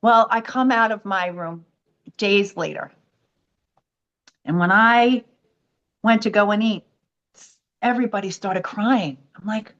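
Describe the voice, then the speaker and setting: On a podcast, an American woman guest animatedly recounts a personal story and performs the voices of the people she quotes. She speaks unhurriedly in a mid-range voice with long pauses, and the sound is lo-fi.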